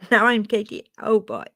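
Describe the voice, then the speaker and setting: A woman's voice: medium pitch, big pitch swings, slow pace, pushed and bright. A woman with a Welsh accent chats casually on her live stream. She talks straight to her viewers, reading out their comments and answering them as they come in. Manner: chatty, reads and answers chat.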